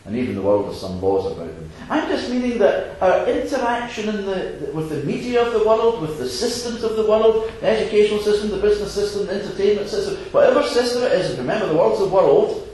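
Male preacher, earnest sermon, slightly high, very lively delivery, big hall echo. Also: fast, few pauses. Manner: earnest, varied, chuckling asides. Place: assembly hall. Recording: echoey hall, faint noise.

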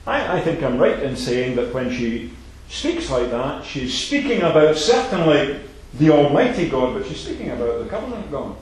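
A man preaching a sermon, emphatic and repetitive, swinging between loud declarations and soft asides. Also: fairly high pitch, very animated, moderate pace, few pauses. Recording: very echoey hall.

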